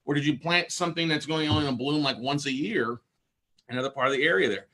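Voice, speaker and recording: A man hosting a podcast talks casually with a bright, forward tone. He rambles, restarts his sentences and stretches out long metaphors as he explains. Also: fairly high pitch, fast. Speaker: podcast host.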